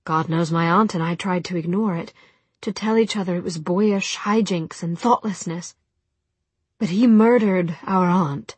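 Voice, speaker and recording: A woman voicing an earnest, gentle young woman. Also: fairly low pitch, measured pace, husky, no echo. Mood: earnest firm. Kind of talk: audiobook character voice.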